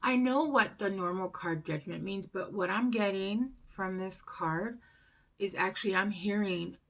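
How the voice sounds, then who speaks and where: A woman's voice: on the low side, creaky. A woman giving a casual, rambling tarot reading, chatty and full of fillers. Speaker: tarot reader.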